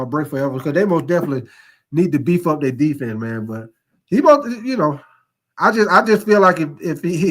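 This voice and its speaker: A man hosting a casual sports live stream, chatting loosely, laughing and thanking viewers by name. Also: a little high. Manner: laid-back, laughs often, repeats "most definitely, man".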